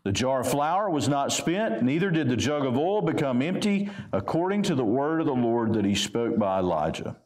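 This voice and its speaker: A man with a Southern US accent preaches from the pulpit in a medium-pitched voice. He reads long scripture passages aloud and then explains them in a plain, conversational way. The sound carries the echo of a church sanctuary. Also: very animated, moderate pace, few pauses, a little mellow. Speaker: pastor. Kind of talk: sermon with scripture reading.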